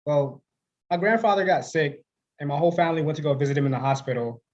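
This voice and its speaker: A man works through a deadpan, self-mocking stand-up set. His voice sits a little high for a man. The sound is slightly dull and lo-fi, like a streamed show. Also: fast. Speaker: stand-up comedian. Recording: dull lo-fi livestream audio.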